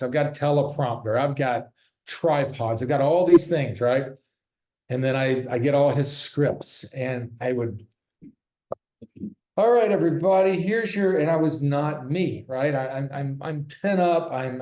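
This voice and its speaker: A man's voice: medium pitch, normal speed, warm tone. A man who sells real estate, giving a casual, candid talk from his office, joking and swearing freely. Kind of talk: casual presentation. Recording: roomy echo.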